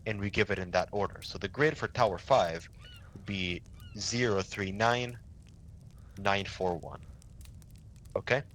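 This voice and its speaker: A man's voice: on the low side, measured pace, long pauses, fairly bright tone. A young man running a casual milsim signals training, talking loosely and swearing, with many restarts. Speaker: milsim instructor.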